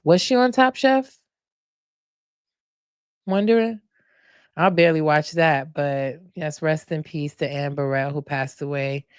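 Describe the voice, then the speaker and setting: A woman hosting a casual reality TV recap, animated, laughing and loudly mimicking cast members. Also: low-pitched, clean tone, dry recording, studio quality. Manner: animated storytelling with frequent laughs and loud mock-quotes. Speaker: podcast host recapping reality TV.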